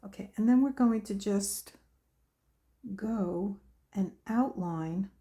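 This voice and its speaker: Her voice sits in the mid-range and has a dark tone. She is an art tutorial host giving a painting demonstration, talking slowly and casually and murmuring to herself while she works.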